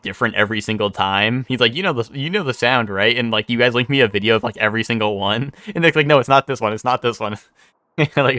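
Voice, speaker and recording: A man's voice: mid-range voice, sharp tone, no echo, studio quality. Rambling young-sounding streamer man. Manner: rambling, many fillers and restarts, swears. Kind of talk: casual chat.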